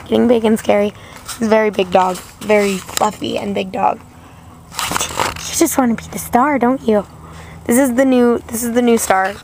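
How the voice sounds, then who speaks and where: A young woman, tired and chatty, rambles into a camera held at arm's length, her voice sitting a little high. She pokes fun at herself as she goes. Steady car and road noise runs underneath. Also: normal speed. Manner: chatty, rambling, self-mocking. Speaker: vlogger. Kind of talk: casual rambling vlog. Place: inside a vehicle. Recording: noisy car background.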